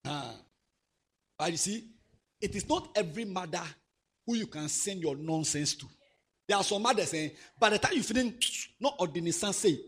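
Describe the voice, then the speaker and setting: A man preaching a sermon to young people. He swings from soft asides to loud exhortation. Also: high-pitched, animated, a little fast, husky.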